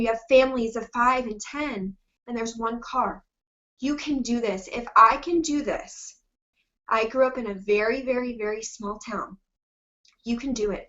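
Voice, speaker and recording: A woman's voice: a little high, fairly bright tone, lo-fi sound. A woman giving an earnest, encouraging motivational talk to her sales team, fighting back tears as she speaks.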